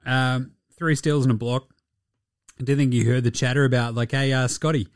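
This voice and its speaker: A young Australian man hosting a casual solo sports podcast, sweary and laughing through animated asides. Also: medium pitch, normal speed, dry recording, clean studio sound. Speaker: podcast host.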